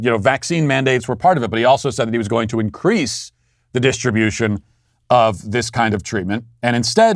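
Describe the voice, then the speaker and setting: A man's voice: medium pitch, no room sound, studio quality. A man hosting a political commentary show, talking in a sardonic, conversational way with frequent restarts. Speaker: show host.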